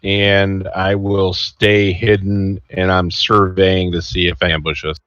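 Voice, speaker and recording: A man playing in a tabletop game, speaking in a deadpan way. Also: sits low, measured pace, smooth, lo-fi sound. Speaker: player.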